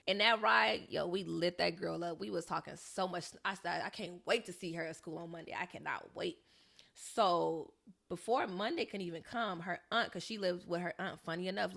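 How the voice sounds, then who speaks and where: A woman's voice: medium pitch, creaky. A young woman from Southern California co-hosting a podcast, telling a story in casual chat and acting out the people she quotes. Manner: animated, acts out quoted voices. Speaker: podcast co-host.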